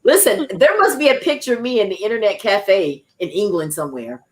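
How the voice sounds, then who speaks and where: A woman's voice: medium pitch, lively intonation, a little fast. A woman hosting a talk show, speaking in an emphatic, preacher-like way with encouraging declarations and laughing asides.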